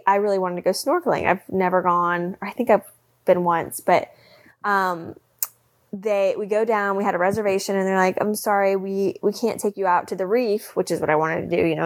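A young woman co-hosting a podcast, telling a story in a lively, laughing way. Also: mid-range voice. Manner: animated storytelling with frequent laughs. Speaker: podcast co-host. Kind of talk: casual chat.

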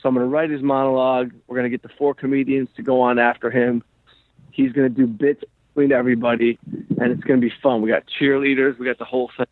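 Rambling comedian with a tinny, dry sound. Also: male voice, mid-range voice, fast talker, no room sound. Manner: rambling, animated, heavy use of "like". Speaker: comedian and podcast host. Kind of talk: casual storytelling chat.

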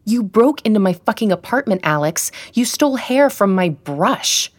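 A woman's voice: medium pitch, expressive, moderate pace, voice pushed up, lightly acted. A woman reading an audiobook, voicing a frightened but defiant woman who speaks firmly and tensely. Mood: angry.

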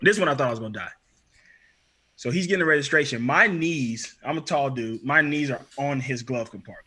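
A man's voice: fairly quick, slightly rough. A young man telling a story in casual chat, acting out what other people said. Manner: animated, acts out quotes with shifts in pitch and loudness.

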